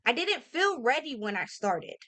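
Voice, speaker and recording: An earnest woman in her thirties makes a motivational vlog, giving a heartfelt talk to camera in a high, sing-song, pushed and bright voice at a moderate pace. Emphatic and casual with slang and fillers, she speaks straight to listeners with "y'all" and "okay?"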